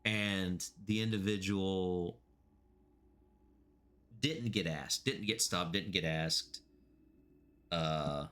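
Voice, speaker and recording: Male streamer, deep and crisp-edged, loose rambling chat, laughs a lot. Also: drawn-out words, long pauses, pushed and bright. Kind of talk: casual gameplay commentary.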